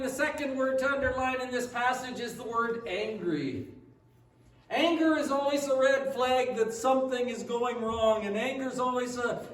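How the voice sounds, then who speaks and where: A man's voice: very high-pitched, reverberant, far from the mic, low-quality recording. A man preaching a sermon as a pastor, reading scripture aloud and then voicing the older son's complaint with rising intensity.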